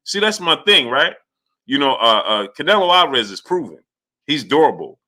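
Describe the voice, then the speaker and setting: A man's voice: mid-range voice, big pitch swings, normal speed. A man hosting a casual boxing livestream, greeting viewers by name and talking through the fight with many fillers. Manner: shouts out chat names, lots of fillers.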